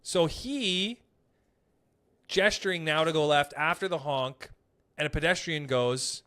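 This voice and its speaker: A young man hosting a casual podcast, telling stories in an animated, profane way. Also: fairly high pitch, unhurried, clear, resonant tone. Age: young adult. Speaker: podcast host; comedian.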